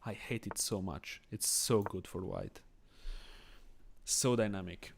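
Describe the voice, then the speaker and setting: A man's voice: fairly low pitch, slow, creaky, slight background noise. A man with a Swiss accent who is not a native English speaker, chatting with viewers and thinking aloud through a chess game on a live stream. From Switzerland. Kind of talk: casual live-stream commentary.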